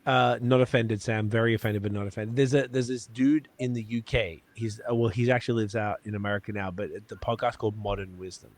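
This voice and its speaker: A man's voice: on the low side, steady tone, fairly quick, hardly any pauses, darkish tone. A man hosting a podcast, chatting casually and rambling with swearing and fillers. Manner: loose and profane, rambling with lots of fillers. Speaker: podcast host.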